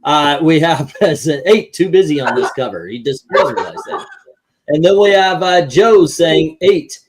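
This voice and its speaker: On a casual panel ranking comic covers, a man reads out viewer scores and rambles through his tallies, counting aloud with plenty of fillers. His voice sits on the high side with lively intonation and a measured pace, and crowd noise is audible behind him.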